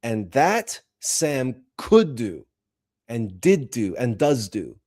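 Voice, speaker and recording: A man's voice: mid-range voice, sing-song, slow pace, darkish tone. A man hosting a spiritual talk show, speaking in an earnest, emotional monologue with frequent repeats and restarts. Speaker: host.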